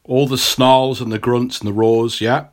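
A man co-hosting a podcast in casual, wry conversation, often trailing off lower at sentence ends. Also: flat delivery, measured pace. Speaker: podcast co-host. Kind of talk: casual chat.

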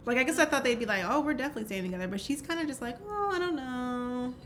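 Laid-back higher-voiced woman, um-filled recap. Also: animated, racing, a bit bright, slight background noise. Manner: laid-back, filler-heavy, frank reactions. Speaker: podcast co-host. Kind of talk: casual chat recapping a reality show.

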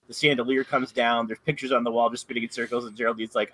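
A man's voice: mid-range voice, quick pace, hardly any pauses, a bit bright, no room sound, rough recording. A man in casual chat, rambling through a recap with plenty of fillers and self-corrections. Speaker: podcast co-host.

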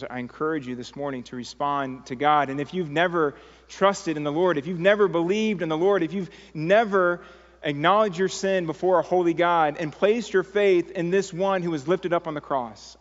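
A man's voice: on the high side, moderate pace. A man preaching a sermon as pastor, earnest and pleading, telling stories with many fillers. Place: church sanctuary. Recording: dull sound in a long-reverb sanctuary.

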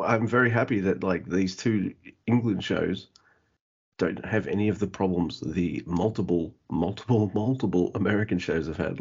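A man's voice: deep voice, vocal fry, darkish tone, husky, dull audio. A man co-hosting a podcast in a laid-back casual chat, often stumbling and restarting his sentences. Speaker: podcast co-host.

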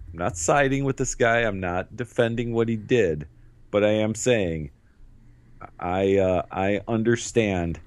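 Podcast co-host, male, very deep and dry, irreverent and quick to laugh. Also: no echo. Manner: laughs often, swears freely, riffs. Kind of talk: casual podcast chat.

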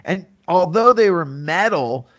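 A man's voice: sits high, animated, measured pace, fairly bright tone. A man from the Bay Area in his fifties, telling stories as a guest in a casual interview, rambling with many fillers. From San Francisco Bay Area. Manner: rambling, full of fillers, acts out quotes. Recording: dull lo-fi audio.

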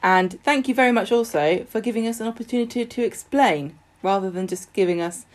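A woman's voice: medium pitch, fairly quick. Chatty woman podcast co-host. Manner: chatty, earnest, joking. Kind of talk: casual chat.

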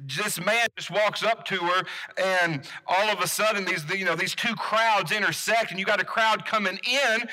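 A young man preaches a sermon in a loose, chatty way, often stopping to ask the congregation questions and restarting his sentences. His voice sits high for a man. It has a very bright, sharp edge. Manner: casual, asks the congregation questions, many restarts. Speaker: pastor. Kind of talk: conversational sermon.

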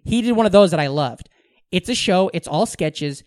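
A high-pitched young man co-hosting a casual podcast. He tells stories with animated, swear-laden energy. The sound is dry and close, with no room around it. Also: moderate pace, no room sound. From Omaha, American Midwest. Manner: animated storyteller, swears freely. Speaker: podcast co-host. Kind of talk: casual chat.

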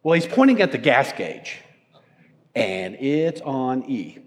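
Storytelling pastor in a reverberant hall. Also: male voice, mid-range voice, slow pace. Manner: storytelling, self-mocking, animated. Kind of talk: sermon with a personal story.

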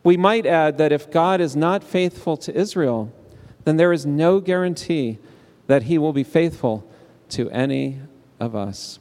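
Man lecturing with lively rhetorical questions. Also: on the high side, unhurried. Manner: engages audience with call-and-response; rhetorical questions with rising emphasis. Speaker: speaker presenting a paper. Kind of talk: academic lecture. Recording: long hall reverb.

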